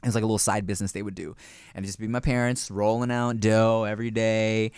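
A man's voice: on the low side, little pitch movement, fast, darkish tone, smooth, no room sound, studio quality. A man in casual chat, telling a story about his family with fillers and restarts. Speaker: guest sharing food.

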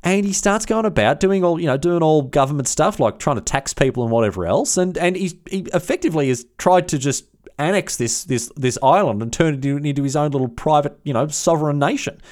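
A man's voice: a little high, lively intonation, brisk, darkish tone. A man telling a history story in a casual, slangy, irreverent way, with many restarts.

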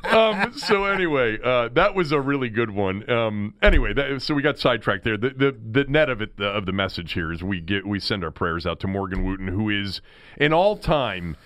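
A man hosting a sports talk show, telling stories in an animated way. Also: lowish voice, fairly quick, no echo. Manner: animated storyteller. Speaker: sports radio host. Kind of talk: sports talk radio banter.

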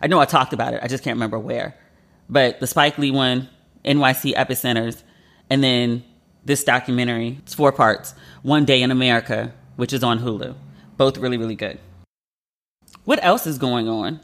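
A man's voice: medium pitch, normal speed, fairly bright tone. A man, a journalist, hosting a casual monologue podcast, chatty and emotional, filling his talk with "like". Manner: chatty and emotional, heavy use of "like".

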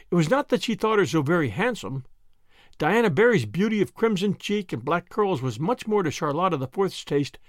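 A man reading a classic novel aloud as an expressive audiobook narrator. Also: sits high, no room sound, clean studio sound. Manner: expressive storytelling. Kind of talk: scripted narration.

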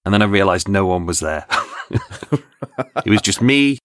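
A man with a fairly low voice tells stories as a podcast guest. He talks in an animated, chatty way, stumbling and restarting and laughing as he goes. The sound is dry and close, with no room around it. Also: normal speed, no echo. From England. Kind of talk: storytelling in conversation.

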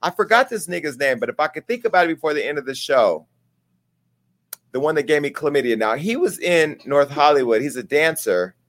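A man's voice: a little high, expressive, a little fast, fairly bright tone. Brash comedic gossip host, man. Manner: brash, candid, comedic storytelling. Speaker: talk show host. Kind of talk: gossip commentary.

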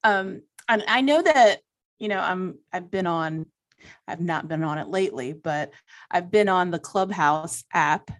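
A woman's voice: lowish voice, measured pace, no echo. A woman hosting a podcast interview, friendly and encouraging as she asks questions. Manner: friendly, encouraging interviewer who laughs along. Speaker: podcast host. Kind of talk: casual interview chat.

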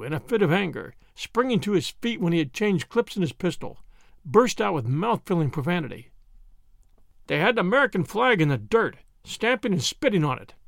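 A male audiobook narrator reads with expressive, dramatic phrasing. His voice sits fairly high and moves a lot, with a gravelly texture. The recording is dry and close. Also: dry recording. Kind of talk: scripted narration.

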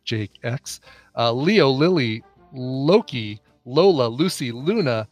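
A man co-hosting a casual podcast chat, reading lists briskly and laughing often. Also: medium pitch, animated, no room sound, muffled recording, soft background music. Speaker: podcast co-host.

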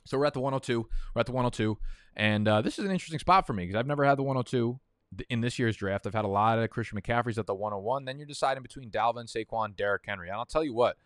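Racing along in a mid-range voice, a young man runs a fantasy football draft stream, chatting loosely with plenty of profanity and side tangents. There's no echo, and the audio is studio quality.

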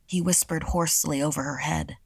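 A woman narrating a first-person horror story in a steady, measured way. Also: deep voice, vocal fry, husky, no room sound.

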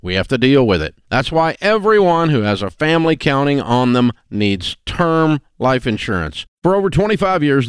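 Lively smooth-voiced man reading an ad. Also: mid-range voice, no room sound, clean studio sound. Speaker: ad reader. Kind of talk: read sponsor ad.

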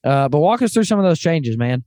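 A man hosting a podcast, telling stories in lively casual chat and calling people "man". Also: on the high side, fairly quick, no room sound, studio quality. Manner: animated storyteller, calls people "man". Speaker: podcast host.

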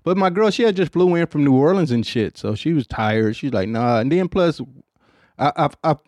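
A man's voice: fairly high pitch, lively intonation, moderate pace, darkish tone, no echo. Profane laid-back man hosting a podcast. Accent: Detroit. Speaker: podcast host. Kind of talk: casual storytelling chat.

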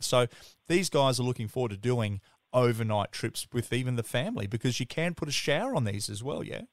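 A man's voice: medium pitch, expressive, fairly quick, no room sound. A man with an Australian accent hosting a podcast in casual, enthusiastic chat, often calling the other speaker mate. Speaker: podcast host.

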